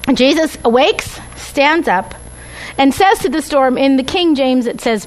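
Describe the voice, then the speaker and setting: A woman's voice: high voice, expressive, a little slow, poor audio. A woman teaching a Bible study class with slides, talking conversationally and often checking in with "right?" and "okay?".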